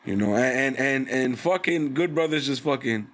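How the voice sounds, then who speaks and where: A man co-hosting a casual wrestling podcast, talking in animated slang with profanity and stammered restarts. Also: mid-range voice, normal speed. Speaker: podcast co-host. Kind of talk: casual wrestling recap banter.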